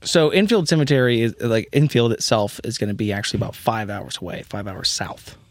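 A man's voice: on the low side, fairly quick, no room sound, studio quality. A man acting as game master, explaining the scene in a casual way, full of ums. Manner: casual, filler-heavy. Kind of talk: running a tabletop game.

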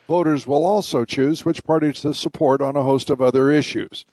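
Measured male broadcast host, dry sound. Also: medium pitch, fairly even intonation, dark tone, no echo. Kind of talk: broadcast commentary and interview.

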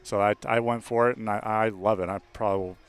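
A man, a baseball pitcher, talking casually in an interview, relaxed, with fillers and restarts. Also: quick pace, smooth. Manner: relaxed, with many fillers and restarts, laughs easily.

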